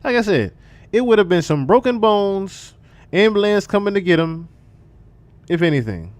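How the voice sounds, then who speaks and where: Man streamer, lively swooping pitch, profane, repetitive casual commentary. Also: moderate pace, dry recording. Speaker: livestream commentator.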